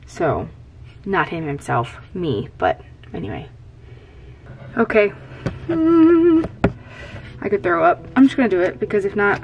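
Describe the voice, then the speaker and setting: A woman's voice: medium pitch, sing-song, a little slow, long pauses, faint music behind, poor audio. A woman vlogger whispering and rambling in a small closet, filming herself on a camera close by. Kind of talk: hushed personal vlog. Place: small closet in her bathroom.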